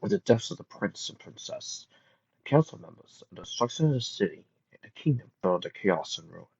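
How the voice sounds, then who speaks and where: A woman voicing a calm, protective father pony in a storybook reading. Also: rumbling low, gravelly, dull audio, exaggerated voice. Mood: solemn. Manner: soft, soothing, measured.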